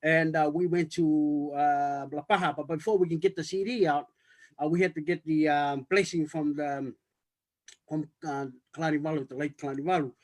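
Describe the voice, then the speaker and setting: A man's voice: fairly high pitch, steady tone, a little mellow. A man telling a rambling story on a video call, full of fillers and restarts. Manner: halting, many restarts and fillers. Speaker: writer-director on a cast panel.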